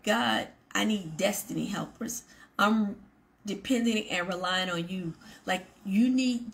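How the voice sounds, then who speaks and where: A woman hosting a faith program, giving an earnest devotional talk to her viewers, repeating her points for emphasis. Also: fairly high pitch. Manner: earnest, emphatic repetition and asides to the audience. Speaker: ministry show host.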